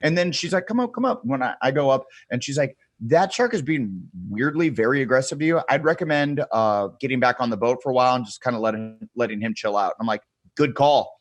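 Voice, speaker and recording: A man's voice: mid-range voice, a little fast, hardly any pauses, no echo. A man in his thirties, a podcast guest, telling a wild story in a casual, profane way and acting out the people he quotes.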